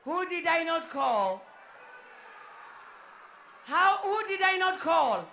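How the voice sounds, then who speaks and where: A woman working as MC at a sports event, hyping the crowd in a loud, repetitive way and often shouting. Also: very high voice, big pitch swings, slow pace, a little hiss or hum. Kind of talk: live crowd hype and welcome speeches. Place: indoor sports dome.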